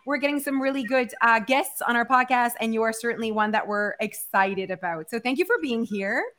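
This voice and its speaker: An upbeat woman co-hosts a podcast and chats with easy enthusiasm. Her voice sits a little high. She talks to a guest in a friendly, eager way. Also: a little fast, fairly bright tone. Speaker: podcast co-host. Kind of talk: casual podcast interview.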